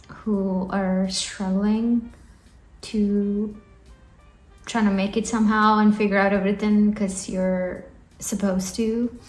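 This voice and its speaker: A woman's voice: medium pitch, dark tone. A woman in her twenties from India, talking to camera in an earnest, encouraging vlog, rambling a little with fillers. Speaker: vlogger. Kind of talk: casual talking-head vlog. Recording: echoey room, faint music.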